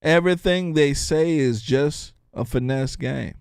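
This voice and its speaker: Male commentary host, crisp resonant tone, deliberate pace, provocative and jokey. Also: on the high side, no echo, studio quality. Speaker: show host. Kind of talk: political commentary monologue.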